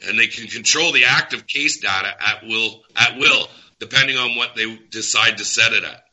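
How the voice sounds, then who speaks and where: A man speaks in a bright, sharp-edged voice, agitated and emphatic. He hammers his points home and repeats them, in the manner of a heated talk show rant. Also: medium pitch, normal speed, dull audio. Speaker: guest.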